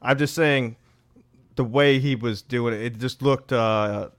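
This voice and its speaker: A man's voice: medium pitch, steady tone, measured pace, no room sound. A man co-hosting a casual podcast, blunt and joking, who laughs often. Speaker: podcast co-host.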